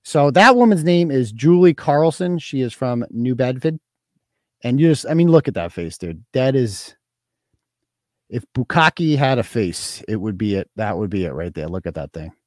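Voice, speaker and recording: A man's voice: medium pitch, expressive, moderate pace, no room sound. A man hosting a casual livestream, talking in a crude, mocking, profane way. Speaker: host.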